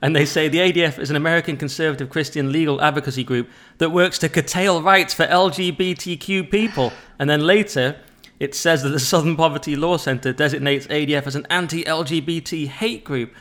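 A man hosting a podcast in a loose, conversational way. He banters and makes sarcastic jokes at a fairly high pitch for a man. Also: fairly quick, a bit bright. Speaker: podcast host. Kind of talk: casual podcast interview.

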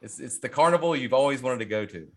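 A man chats casually about a film, his voice rising and falling a great deal. He talks with animated energy and laughs often. He sits at a middle pitch for a man. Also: quick pace. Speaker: podcast co-host. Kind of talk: casual movie chat.

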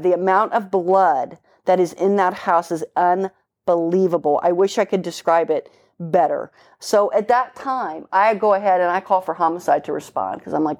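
A woman's voice: fairly low pitch, moderate pace. A middle-aged woman, a police officer, telling a story in an easy conversational way. She talks bluntly and emphatically, throws in casual swearing, and paints each moment vividly.

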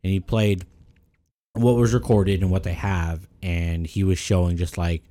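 This podcast co-host talks in a low, slightly slow voice, recorded with no echo. He rambles through casual chat, swears freely, and gets heated and animated when he starts ranting.

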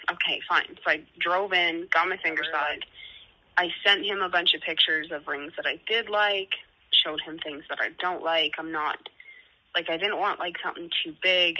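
A woman chatting casually with her best friend, telling a personal story full of "like" and quick laughs. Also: on the low side, sharp tone, low-quality recording. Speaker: podcast co-host.

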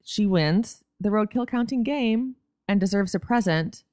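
A woman's voice: medium pitch, expressive, unhurried, mellow, no echo, studio quality. A woman co-hosting a podcast, recapping a TV episode in casual, wry chat. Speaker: podcast co-host.

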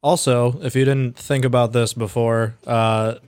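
A man's voice: medium pitch, steady tone, a little slow, a little mellow, no echo, clean studio sound. A man co-hosting a podcast, chatting in an easygoing, casual way. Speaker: podcast co-host. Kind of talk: casual chat.

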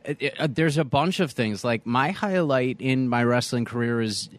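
A man hosting a casual podcast in a studio, chatting in a relaxed, encouraging way with a bit of swearing. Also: mid-range voice, moderate pace, no room sound. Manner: easygoing, supportive, profane. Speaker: podcast host. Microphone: studio mic.

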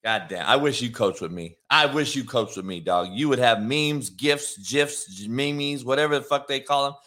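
A man's voice: mid-range voice, normal speed, fairly bright tone. A middle-aged man and former coach hosting a show, ranting in a brash, profane way and mocking commenters. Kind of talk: profane live-stream rant.

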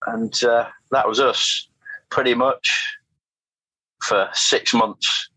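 A man's voice: medium pitch, steady tone, very slow, bright, forceful tone, breathy edge, dry recording, low-quality recording. A middle-aged man, telling his story as an interview guest in a rambling way. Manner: rambling, anecdotal, frequent restarts and fillers. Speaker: guest, motorcycle test rider.

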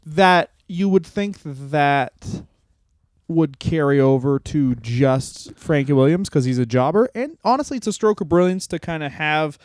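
A man co-hosting a podcast, rambling and joking in casual chat, now and then slipping into quick impressions. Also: a little high, animated, darkish tone, no room sound. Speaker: podcast co-host.

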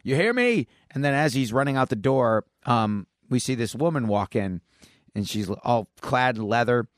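A man's voice: medium pitch, moderate pace, dry recording, studio quality. A man co-hosting a podcast, retelling a comic plot casually with lots of restarts. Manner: rambling storyteller, many fillers and restarts. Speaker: podcast co-host. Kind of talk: casual chat.

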